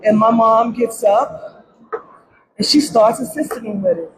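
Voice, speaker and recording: A woman's voice: fairly high pitch, unhurried. A middle-aged grieving grandmother speaking at a press conference, pleading and tearful, often repeating her words. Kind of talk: emotional press conference speech. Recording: crowd noise around the speaker.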